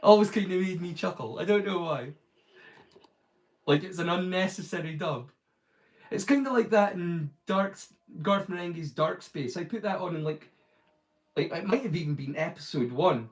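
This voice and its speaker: A man's voice: high-pitched, lively intonation, normal speed, rough recording. A man hosting a live stream, chatting casually and rambling, with lots of "like" fillers and restarts. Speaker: streamer, host.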